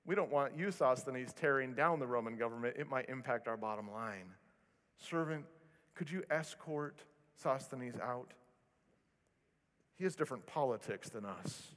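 A man's voice: medium pitch, big-room sound, pitched below the performer's own voice, close to an everyday voice. A man voicing a snobbish rich Roman host. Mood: haughty. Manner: condescending, slow and hushed. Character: snobbish wealthy Roman male banquet host.

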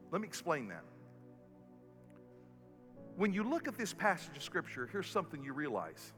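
Male pastor, high bright voice, preaching in reverberant church with faint music; surges loud then drops soft. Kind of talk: sermon. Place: church sanctuary.

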